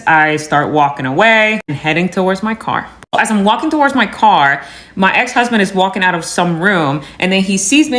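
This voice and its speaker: A woman's voice: mid-range voice, animated, fairly quick, a bit bright. A woman telling a personal story on camera in a candid, casual way, with many fillers and acted-out dialogue.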